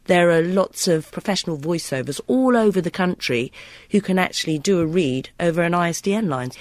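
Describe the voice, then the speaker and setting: High-voiced man explaining radio advertising. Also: dry recording. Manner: practical, matter-of-fact explaining. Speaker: radio commercials producer. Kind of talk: explanatory interview talk.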